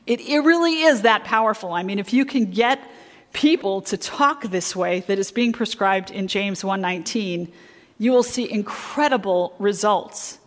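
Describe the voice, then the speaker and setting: Woman, middle-aged, church workshop speaker, audience fill-in questions, slow emphasis, mid pitch, long hall reverb. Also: a bit bright. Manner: slow, emphatic stress on key words. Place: church sanctuary.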